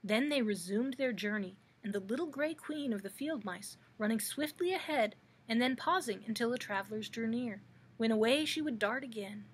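Female librarian narrator, storybook read-aloud, slightly high, breathy tone. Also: animated, normal speed.

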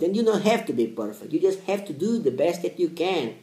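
A man in his late twenties talks straight to camera as a language vlogger, blunt and repetitive, with casual swearing. His voice sits a little high for a man yet sounds mellow and warm. The recording has a noticeable echo from the room. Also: very animated, fairly quick, hardly any pauses. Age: 20s. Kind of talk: casual motivational talk to camera.

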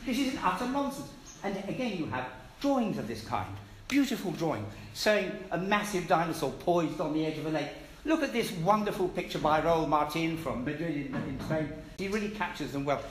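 A man's voice: a little high, lively intonation, brisk, slight background noise. A British man giving an emphatic, scornful public lecture to an audience in a hall. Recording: echoey hall with faint ambience.

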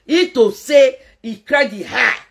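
A woman's voice: high-pitched, animated, unhurried, creaky, a little hiss or hum. A Nigerian woman doing a casual live-stream gossip rant as a social media commentator, mocking, laughing and scolding.

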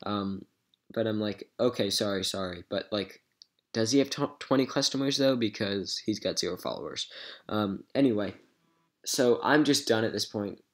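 A man's voice: lowish voice, normal speed. A man recapping a chat with a scammer for his gaming channel, chatty and amused, with lots of "um"s. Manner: chatty, retells messages with "so I go", many "um"s. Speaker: gaming YouTuber. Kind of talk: casual recap vlog.

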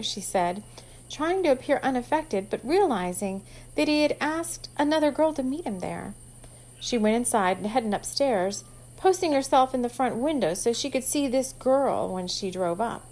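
A woman reads her own novel aloud in a steady, gentle storytelling voice. Her pitch sits mid-range, and she keeps an even, unhurried pace. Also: poor audio. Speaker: author reading her own book. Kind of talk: storybook narration.

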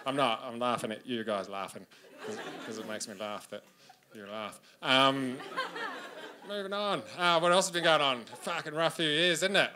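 Australian man, stand-up comedian, crude and sweary, self-deprecating, live stage mic, noisy recording. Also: fairly high pitch.

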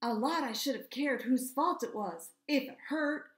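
A woman reading aloud voices a nervous young male mule in a storybook, touchy and sulky. His questions come in a higher voice, with room echo around it. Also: a little slow.

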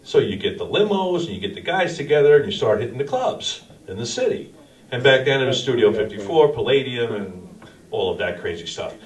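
A man's voice: mid-range voice, brisk, distant mic. Casual, slangy man preaching in an echoey room. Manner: casual storytelling, slangy and animated. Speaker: pastor. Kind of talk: informal sermon. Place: small church cafe venue.

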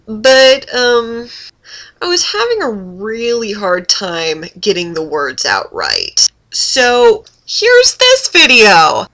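Young woman vlogger, bright voice, unhurried, halting and self-mocking. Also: on the high side. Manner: halting, self-deprecating, trails off and restarts. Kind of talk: casual rambling vlog.

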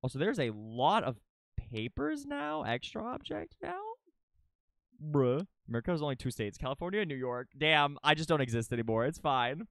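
A young adult livestreamer giving excitable, casual commentary during gameplay, thinking aloud, swearing freely and chatting with viewers. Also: medium pitch, fast talker, hardly any pauses, dry recording, studio quality.

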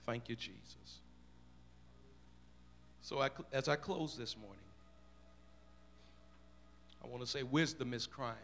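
A male pastor preaching a sermon in a church, repeating phrases in a chanting rhythm and rising from quiet murmurs to shouts. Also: medium pitch, takes it slowly, pauses often, soft background music. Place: church room.

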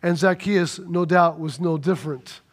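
A male pastor delivers a sermon as a lively, conversational story. His voice sits high for a man. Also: moderate pace.

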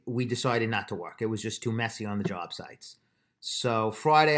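A man's voice: mid-range voice, a bit bright. Exasperated man telling a story. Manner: exasperated, emphatic retelling with mild slang. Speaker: construction business owner. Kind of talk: casual storytelling vlog.

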